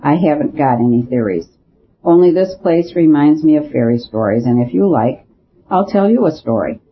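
Audiobook priest-sleuth: a small, careful, musing man, read by a male narrator, a touch high, faint hiss. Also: animated, moderate pace. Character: small, thoughtful male priest detective, quietly curious. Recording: dull lo-fi recording with faint hiss.

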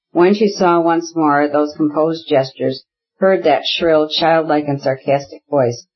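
An audiobook narrator reading a classic novel in an even, measured way. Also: medium pitch, husky, lo-fi sound.

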